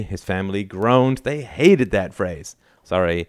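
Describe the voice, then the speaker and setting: A man with a fairly low voice reads a novel aloud. He narrates plainly and lifts his pitch for the characters' lines. The recording is dry and close, with no room sound. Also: normal speed, dry recording. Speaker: audiobook narrator.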